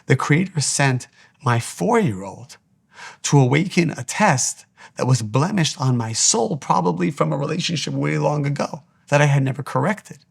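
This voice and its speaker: A man's voice: fairly high pitch, lively intonation, normal speed, vocal fry, husky. A man giving a spiritual teaching monologue, speaking earnestly and repeating his exhortations.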